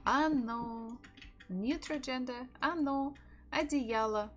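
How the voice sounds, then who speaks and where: A woman with a Russian accent teaching her native language in a live-streamed lesson, repeating words slowly for practice. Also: high voice, background noise.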